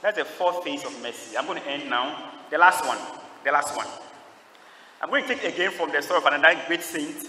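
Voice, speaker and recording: Preaching priest in an echoey church. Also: male voice, a little high, a little fast, sharp tone, slight background noise. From Ghana. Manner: call-and-response preaching, quizzing the congregation. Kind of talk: homily at a youth Mass. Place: large church. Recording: echoey church heard from a distance.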